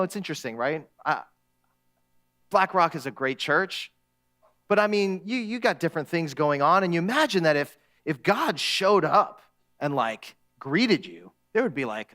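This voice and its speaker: A man preaches a sermon in a high, light voice. He speaks in a conversational way and acts out the people he quotes with a touch of humor. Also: sharp tone. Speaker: guest preacher.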